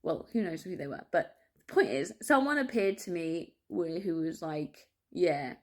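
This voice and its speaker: A woman vlogging a candid personal monologue, rambling, swearing freely and breaking off with laughs and quick apologies. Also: lowish voice, expressive. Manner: restless, self-interrupting, apologetic asides.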